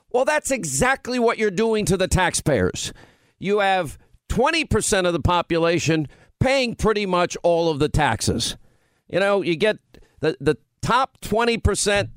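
Speaking into a studio microphone, a middle-aged man hosts a political talk radio show in a high, clear, resonant voice on a dry recording. He argues his point emphatically, scoffing at and mocking his opponents.

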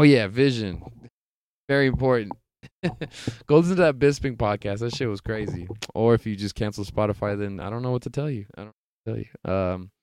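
A young man hosts a casual sports podcast, talking in a loose, rambling way. His voice sits low and sounds smooth and clear, close to the mic in a dry space with no room echo. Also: darkish tone. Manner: laid-back, rambling, heavy swearing and laughter. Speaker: podcast host.

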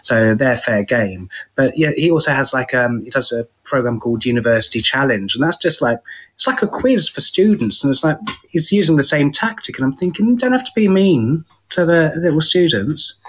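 A man's voice: mid-range voice, expressive, brisk, a bit bright, husky. A British man chatting as a podcast guest, wry and self-deprecating, with a rambling way of talking. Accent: British English. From United Kingdom. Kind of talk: casual chat.

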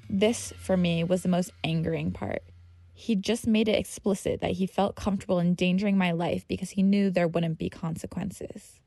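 New woman reading her own story, low gravelly voice, soft music under it. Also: fairly even intonation, moderate pace. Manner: vivid, dramatic delivery with acted dialogue. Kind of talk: reading a personal essay.

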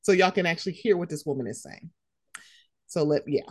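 A young woman hosting a casual pop-culture chat, animated and slangy, swearing freely. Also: lowish voice, brisk, dry recording, studio quality. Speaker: podcast host.

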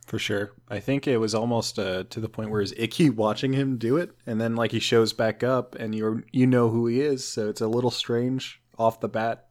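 A man's voice: mid-range voice, steady tone, moderate pace, few pauses, a little mellow. A man co-hosting a podcast, chatting casually and mostly giving short, agreeable replies. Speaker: podcast co-host.

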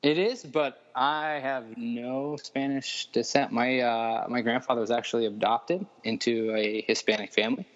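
A man from Denver, a fitness coach guesting on a podcast, talking in a laid-back way with many pauses and ums. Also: medium pitch, fairly even intonation, highs cut off. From Denver, USA. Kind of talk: casual podcast interview.

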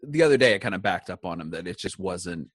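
A lower-pitched man chatting on his podcast. His voice rises and falls a lot, he restarts sentences and laughs easily. The sound is close and dry with no room. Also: fast, dry recording. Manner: animated, chatty, many restarts, laughs often. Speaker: podcast host. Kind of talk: casual chat. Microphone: podcast microphone.

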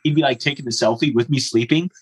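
Young guy telling a wild travel story, mid pitch, acts out all the lines, says like a lot. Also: fast, slightly rough, poor audio. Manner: animated, acts out the dialogue, frequent "like" fillers. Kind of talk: casual storytelling.

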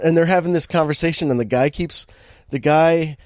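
A man's voice: a little high, brisk, no room sound, studio quality. A man co-hosting a podcast, recapping a bad movie in casual chat, laughing often as he tells it. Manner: animated storytelling, laughing often, many restarts. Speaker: podcast co-host.

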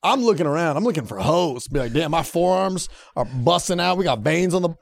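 A young man co-hosting a casual comedy chat, riffing and jumping into high-pitched mocking voices for bits. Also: expressive, fairly quick, creaky.

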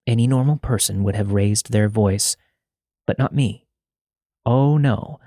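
Low-voiced man narrating a creepy story. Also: mellow, no echo, studio quality. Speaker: podcast host and narrator. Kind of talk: scripted narration of a listener's horror story.

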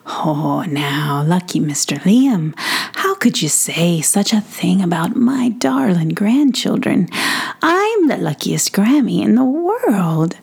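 A woman voicing a soft-spoken kindly grandmother. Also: fairly low pitch, very animated, takes it slowly, vocal fry, husky, full character voice. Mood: soothing. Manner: soft, hushed, reassuring. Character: kindly old grandmother, gentle and soothing. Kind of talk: storybook reading.

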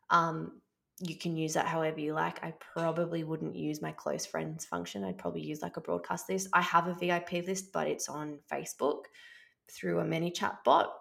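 A chatty woman hosting a podcast, with a low, gravelly voice. She talks loosely and swears casually. Her delivery is relaxed and conversational. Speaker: podcast host.

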